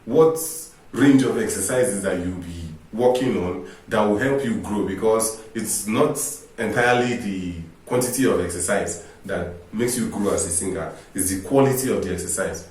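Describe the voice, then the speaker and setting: A man's voice: fairly low pitch, moderate pace, hardly any pauses, darkish tone. A man coaching singers, explaining with rhetorical questions in an informal teaching talk. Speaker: vocal coach. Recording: echoey room, distant mic.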